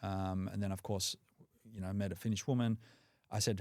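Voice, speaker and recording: Low-pitched and brisk, an Australian man chats casually as a podcast guest in clean studio sound with no echo. He is a native English speaker who keeps saying "like" and "you know" in his relaxed delivery.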